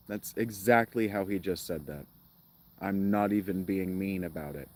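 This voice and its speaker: A man's voice: low-pitched, normal speed. A man streaming a game, rambling casually with jokes and sarcastic asides. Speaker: gaming streamer. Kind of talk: casual gameplay commentary.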